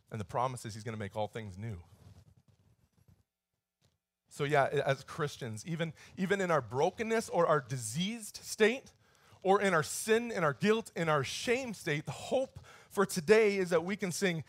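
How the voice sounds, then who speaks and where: A man's voice: a little high, animated, normal speed, a bit bright, no room sound. A male pastor preaching a sermon in a conversational, storytelling way, his voice lifting and pushing harder on key points.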